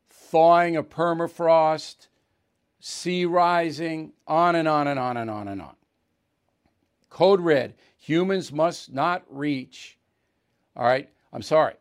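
A man hosting a political talk show, delivering an opinionated monologue in a conversational, emphatic way and checking in with the audience often. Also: on the high side. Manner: emphatic, conversational, asks "right?" and "okay?" often.

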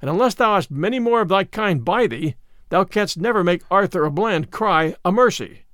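A man's voice: high-pitched, expressive, moderate pace, a bit bright, no room sound, studio quality. A man voicing a fearless, hot-tempered craftsman who answers threats with scorn. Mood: defiant. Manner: defiant, scornful, old-fashioned speech.

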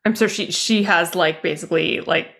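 A woman's voice: lowish voice, normal speed, creaky, fairly bright tone. A woman player in a tabletop game, thinking aloud and filling with "like". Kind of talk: casual chat in a tabletop game.

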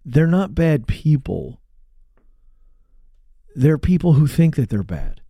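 A man's voice: a little high, big pitch swings, slow pace, creaky, husky, no echo, dull audio. A man hosting an interview, engaged and affirming as he reflects on what his guest says. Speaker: host. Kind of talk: conversational interview.

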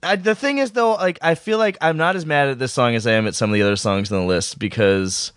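A man's voice: medium pitch, fast talker, clean tone, dry recording, clean studio sound. A man co-hosting a podcast in casual chat, joking wryly. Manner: wry, joking, lively intonation. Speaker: podcast co-host.

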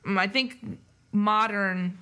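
Bright, punchy woman cohost, wry jokey asides, casual chat. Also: medium pitch. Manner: joking, quick with wry asides. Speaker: podcast co-host.

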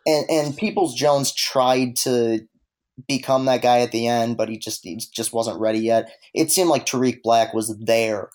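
A man's voice: medium pitch, fairly even intonation, unhurried, darkish tone. A man on a casual sports podcast who talks hesitantly and restarts his sentences.

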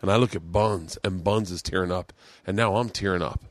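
Low-voiced profane man telling a story. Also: brisk, no echo. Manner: rambling, profane, excitable storyteller. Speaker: podcast host. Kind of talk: casual storytelling monologue.

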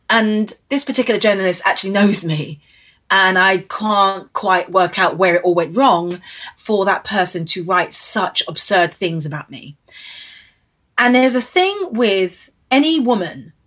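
A British woman in her thirties, a guest in a candid interview, speaks earnestly and emotionally, repeating phrases to stress her points. Her mid-range voice is slightly bright and a little rough.

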